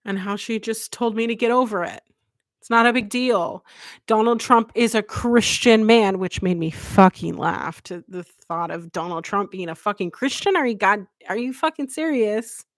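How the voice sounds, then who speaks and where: A woman's voice: medium pitch, fairly even intonation, normal speed, no room sound, clean studio sound. A woman hosting a live podcast, speaking candidly and emotionally and swearing freely. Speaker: podcast host.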